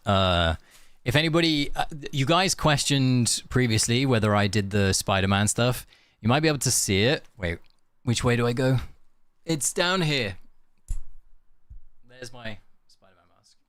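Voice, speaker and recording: A man's voice: medium pitch, animated, normal speed, a bit bright, smooth, dry recording. A young man streaming a game, chatting loosely with viewers and thinking aloud, with lots of fillers and restarts. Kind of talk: casual live-stream chat.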